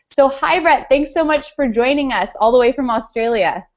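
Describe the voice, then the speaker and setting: A woman with a Californian accent hosting an interview over a video call, upbeat and lively. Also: high voice, normal speed. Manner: upbeat, lively, some fillers. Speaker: host, interviewer. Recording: dull lo-fi video call audio.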